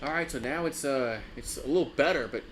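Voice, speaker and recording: A man's voice: medium pitch, a little fast, fairly bright tone, slight background noise. Frustrated man ranting on a sports stream. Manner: frustrated, swearing, rambling with many restarts. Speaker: sports live-stream host. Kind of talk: casual live-stream fan chat.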